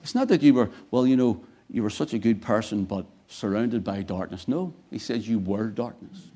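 Male preacher, mellow dark voice, quiet then suddenly loud and emphatic. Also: lowish voice, moderate pace. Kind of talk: sermon.

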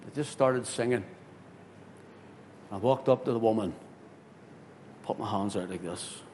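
A man, a pastor telling a story in a sermon, swinging from loud, excited bursts to hushed tones. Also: unhurried. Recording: hall reverb with faint rumble.

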